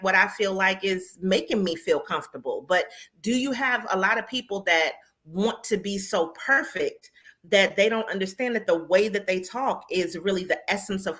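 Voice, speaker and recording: A woman's voice: medium pitch, moderate pace. A woman from New York with a New York accent, hosting an interview in casual, slangy conversation. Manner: conversational, uses slang and sarcasm, animated storytelling. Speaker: podcast host.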